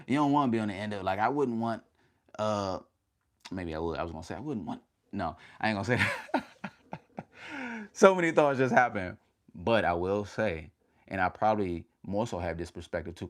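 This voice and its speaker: A man with a fairly low voice hosts a casual motivational livestream. He is energetic and slangy, calls his viewers fam and talks in short punchy bursts. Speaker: motivational YouTuber hosting a livestream.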